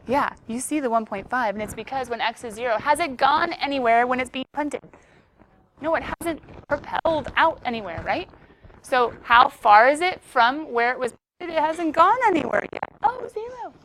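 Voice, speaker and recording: Young female math teacher, a touch high-pitched, chatty and joking with her class. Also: normal speed, fairly bright tone, a little hiss or hum. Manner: playful, teasing, chatty with students.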